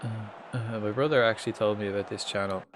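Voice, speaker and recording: A man's voice: lowish voice, fast, music in the background. An Irish man commentating live on a football management game, swearing freely and chatting with viewers. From Ireland. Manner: swearing, excitable, chatting with chat. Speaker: streamer.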